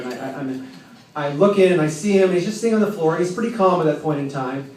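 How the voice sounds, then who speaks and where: A man telling a personal story live at an open mic in a tavern, with a wry, self-mocking, halting delivery. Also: a little high, lively intonation, darkish tone. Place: tavern with an audience. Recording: roomy, distant, faint background noise.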